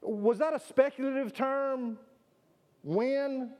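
A pastor delivers a sermon in a church sanctuary, his voice sitting high for a man. He preaches with emphasis, doubling words and putting questions to his congregation. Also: slow, darkish tone.

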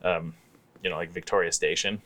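A man's voice: low-pitched, steady tone, brisk, pushed and bright. A man chatting as a podcast guest, telling stories in an easygoing way with wry humor and plenty of fillers. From Canada. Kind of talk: casual podcast chat.

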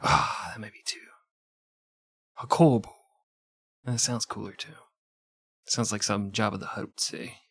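A man's voice: on the low side, fairly even intonation, brisk, bright, forceful tone, husky, no room sound. A man narrating history as a podcast host, with profane, jokey asides. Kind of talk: irreverent comedic history narration.

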